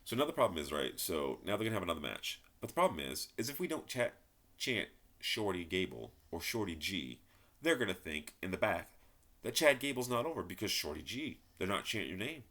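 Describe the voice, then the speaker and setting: Low-voiced man ranting. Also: big pitch swings, fast talker, a bit bright. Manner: frustrated, swears often, repeats himself. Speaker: wrestling reviewer. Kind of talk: ranting solo commentary.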